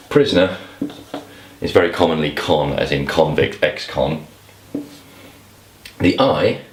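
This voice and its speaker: A man with an extremely low voice walks through crossword clues step by step. He thinks aloud, with small restarts and asides, and he sounds as if he is in an echoey room. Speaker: crossword tutor. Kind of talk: explanatory lesson to camera.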